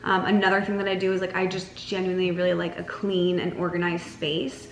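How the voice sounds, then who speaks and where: A woman's voice: little pitch movement, a little fast. A young adult woman giving casual lifestyle advice to camera, chatty and full of "like", sometimes mocking herself playfully. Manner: chatty, lots of "like", mocks herself in a whiny high voice. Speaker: lifestyle vlogger. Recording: roomy echo with faint music.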